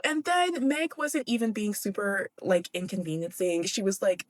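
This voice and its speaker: A woman's voice: medium pitch, normal speed, few pauses. Chatty young woman recapping a novel. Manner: chatty, giggly, swears casually. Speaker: book podcast host. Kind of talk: casual book recap.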